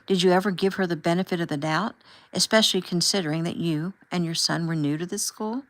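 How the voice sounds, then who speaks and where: A woman voicing a calm, firm husband and father who asks measured, pointed questions as he confronts a chaperone in an audiobook. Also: high voice, poor audio. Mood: firm rebuke.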